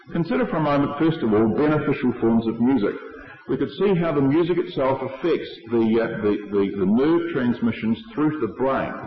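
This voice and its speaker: Man preaching in an echoey hall. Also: medium pitch. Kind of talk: sermon. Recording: echoey hall, dull lo-fi sound.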